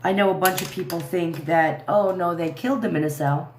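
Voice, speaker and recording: A woman's voice: lowish voice, brisk, roomy sound. Indignant woman ranting on a livestream. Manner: indignant, rambling, addresses viewers as y'all. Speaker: livestream commentary host. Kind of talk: casual livestream commentary.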